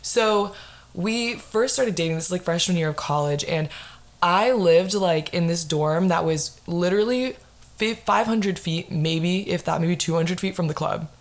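A young woman in her twenties hosts a casual podcast chat. She tells her story in an animated way, swearing often and leaning on fillers, in a slightly low voice. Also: measured pace. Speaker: podcast host.

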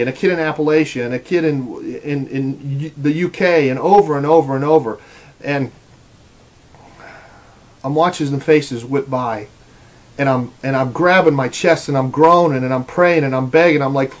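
A man's voice: medium pitch, moderate pace. A man giving an earnest, rambling personal testimony, often repeating his words. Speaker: speaker giving a religious testimony.

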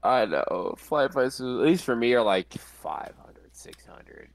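Man, late twenties, podcast co-host, rambling casual talk, lively voice. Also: mid-range voice, slow pace, vocal fry. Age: 20s. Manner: easygoing, rambling, self-mocking. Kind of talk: casual chat between friends.

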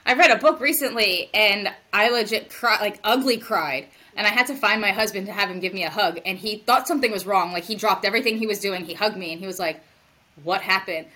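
A woman's voice: mid-range voice, fast talker, hardly any pauses. A young adult woman co-hosting a podcast, telling stories animatedly and acting out the quotes. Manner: animated storyteller, acts out quotes. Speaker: podcast co-host. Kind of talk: casual podcast chat.

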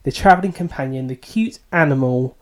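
A man's voice: medium pitch, fairly quick. A man co-hosting a podcast, giving thoughtful, hedging opinions in a casual book discussion. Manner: thoughtful, hedging, self-deprecating. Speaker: podcast co-host.

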